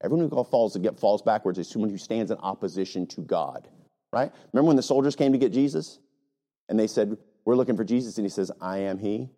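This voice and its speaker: A man's voice: fairly low pitch, expressive, brisk, dark tone. A male pastor preaching a sermon with emphatic rhetorical questions and frequent "right?" asides, sometimes mocking other preachers.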